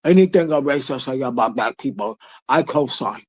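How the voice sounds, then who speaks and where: A man's voice: mid-range voice, expressive, normal speed, no echo, natural voice, low-quality recording. A man doing a mocking impression of a self-loathing, slovenly woman, stammering and mumbling through her confessions.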